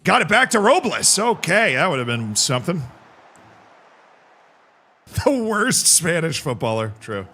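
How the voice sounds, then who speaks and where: A man streaming a football management game live, reacting excitably to the match and joking with his chat. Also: on the high side, a little slow, pauses often, slightly rough. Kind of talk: live gameplay commentary.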